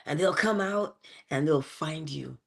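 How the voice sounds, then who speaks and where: A woman giving a motivational morning talk, animated and playful, with chatty asides. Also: low voice, unhurried, vocal fry. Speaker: inspirational speaker.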